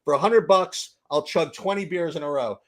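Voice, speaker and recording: A man's voice: a little high, normal speed, a bit bright, close to an everyday voice. A man doing a cocky Irish drinker.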